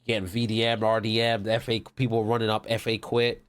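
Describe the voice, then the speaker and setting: A man's voice: on the low side, little pitch movement, fast, a little hiss or hum. A man chatting casually as a podcast guest, rambling with lots of fillers as he tells a story.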